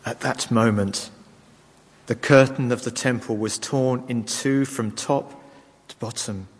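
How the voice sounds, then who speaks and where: A man reading scripture aloud in a measured, solemn way. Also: medium pitch, fairly even intonation, breathy edge, long reverb tail. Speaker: scripture reader. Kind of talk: liturgical Bible reading.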